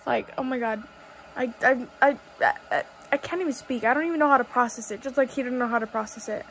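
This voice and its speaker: High-voiced chatty young woman vlogger. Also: steady tone, fast talker, fairly bright tone, rough recording. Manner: chatty and bubbly, heavy use of "like" and "um". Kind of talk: casual vlog chat.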